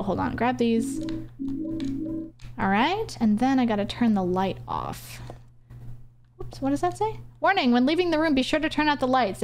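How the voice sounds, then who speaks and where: Chatty swearing woman streamer. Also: fairly high pitch. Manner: chatty, talks to chat and to the game, swears freely. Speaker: streamer playing a horror game. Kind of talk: casual live gameplay commentary with swearing.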